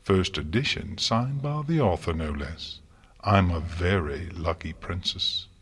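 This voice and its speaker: A man voicing a regal pony princess, gracious and gently teasing in a soft, conspiratorial way. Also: low voice, lively intonation, a little slow, slightly rough, full character voice. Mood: amused.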